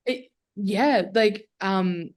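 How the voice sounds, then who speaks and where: A woman's voice: medium pitch, drawn-out words, a little mellow. A young adult woman, a guest filmmaker chatting casually and candidly on a podcast, full of "like" fillers. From Australia.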